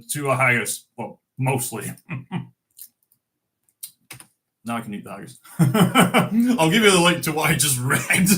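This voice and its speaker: A man's voice: mid-range voice, pushed and bright. A young man hosting a live stream, reading a Scots poem aloud with stumbles and laughs, then chatting casually with viewers. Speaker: host.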